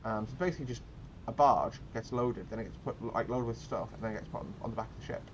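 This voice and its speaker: A man's voice: mid-range voice, quick pace, highs cut off, a little hiss or hum. A man giving casual gameplay commentary, explaining tactics in a rambling way with many fillers and restarts.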